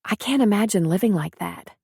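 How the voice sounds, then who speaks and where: A woman's voice: mid-range voice, expressive, brisk, creaky, mellow, breathy edge, no echo, studio quality. A woman voicing an earnest, candid young nurse from the city in an audiobook reading.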